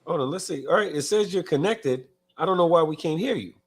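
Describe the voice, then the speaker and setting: Man hosting, higher-pitched voice. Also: lively intonation, a little fast, breathy edge. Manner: reads viewer comments aloud, stumbles and restarts often. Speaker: podcast host. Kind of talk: casual live-show chat.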